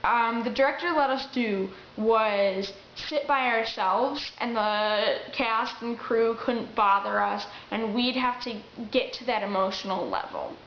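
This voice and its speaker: A woman's voice: on the high side, a little slow, few pauses, slight background noise. Young woman with chatty acting tips. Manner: chatty, with restarts and acted-out quotes. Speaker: vlogger giving acting tips. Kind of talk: casual advice to camera. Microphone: camera mic. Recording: roomy, dull lo-fi camera audio.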